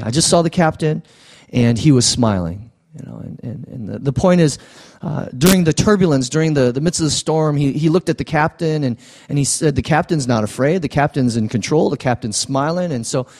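A man preaching a sermon as pastor in a conversational, halting way. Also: on the high side, a little mellow.

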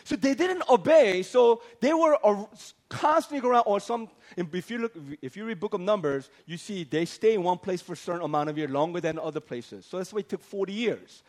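A man preaching a sermon, animated and joking, acting out the voices of biblical figures as he tells the story. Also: high-pitched, a little fast, hardly any pauses. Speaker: pastor. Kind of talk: lively comic sermon.

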